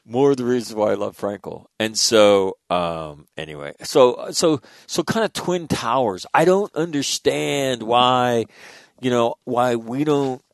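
A man's voice: medium pitch, lively intonation, a little slow, vocal fry, no room sound, clean studio sound. A man hosting a talk radio show, speaking bluntly and emphatically, with swearing and frequent restarts. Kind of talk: casual talk radio commentary.

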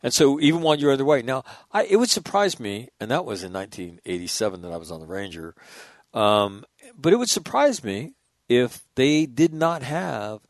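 A man in his sixties, a former military officer, telling profane, animated stories in casual conversation. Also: medium pitch, normal speed, dry recording, clean studio sound. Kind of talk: casual storytelling.

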